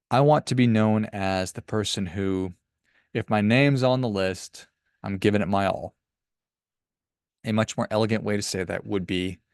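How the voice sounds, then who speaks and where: A man's voice: fairly low pitch, creaky, dry recording, clean studio sound. A man hosting a money podcast, giving emphatic, encouraging advice about work and telling a story. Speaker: podcast host and financial advisor. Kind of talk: motivational podcast monologue.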